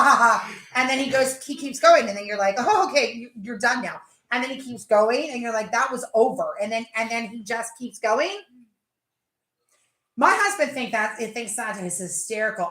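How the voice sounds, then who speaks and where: High lively woman host gabbing on a stream, all over the place, echoey room. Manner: animated, rambling, exasperated. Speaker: livestream host. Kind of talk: casual livestream chat.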